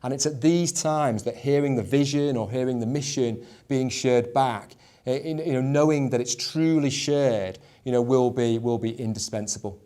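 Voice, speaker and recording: A man's voice: mid-range voice, normal speed, dark tone. A man leading a discussion on leadership as a schools executive director, often stumbling over repeated words and filling with "you know".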